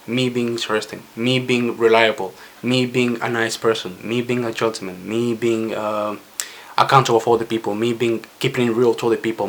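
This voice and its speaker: A man's voice: medium pitch, a bit bright. A young man from Spain with a Spanish accent, stuttering and restarting as he talks casually to camera in his vlog. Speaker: vlogger.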